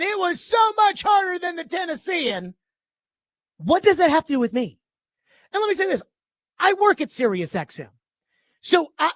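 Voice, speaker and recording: A man with a very high-pitched voice hosts a sports radio talk show, ranting into a studio microphone in an animated, emphatic and indignant way. The recording is dry.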